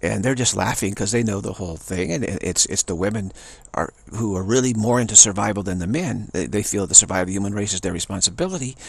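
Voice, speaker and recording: A man's voice: on the low side, fast talker, creaky, husky, no echo. A man giving a rambling spiritual talk, telling a story and repeating phrases for emphasis. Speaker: spiritual teacher.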